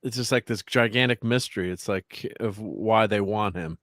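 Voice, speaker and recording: Low-voiced man rambling with laughs. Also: normal speed, fairly bright tone, no room sound, clean studio sound. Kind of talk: casual chat.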